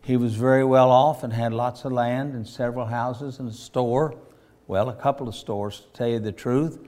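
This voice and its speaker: A man's voice: mid-range voice, steady tone, moderate pace, darkish tone. Folksy preacher man. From Virginia, USA. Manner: folksy storytelling, rising to fervent emphasis. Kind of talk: sermon.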